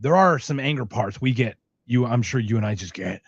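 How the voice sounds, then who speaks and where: A man hosting a podcast, chatting casually in an animated way, often laughing and swearing offhandedly. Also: mid-range voice, fairly quick, slightly rough. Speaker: podcast host. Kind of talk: casual chat. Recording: dull lo-fi remote audio.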